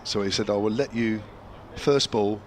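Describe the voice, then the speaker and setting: An older English man, a former county player, commentates on cricket ball by ball, spinning anecdotes between deliveries like a chatty storyteller. His voice sits fairly low and moves at a moderate pace, with a little hiss or hum in the recording.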